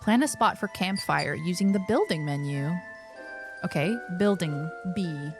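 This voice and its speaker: A young woman streaming a game, chatting playfully and reading on-screen prompts aloud in an excitable way. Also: lowish voice, a little slow. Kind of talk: casual let's-play commentary. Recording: game music underneath.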